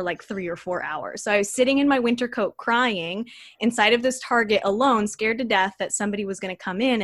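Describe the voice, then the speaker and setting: A young adult woman telling a personal story as a podcast guest, in a chatty, animated way with many fillers. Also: mid-range voice, dry recording, studio quality. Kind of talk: casual storytelling.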